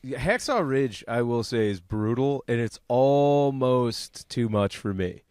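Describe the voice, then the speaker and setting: A man's voice: medium pitch, slow, clean tone, no echo, clean studio sound. A man co-hosting a comedy podcast, swearing freely and breaking into silly voices during casual banter. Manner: profane, animated, puts on voices for jokes. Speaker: podcast co-host.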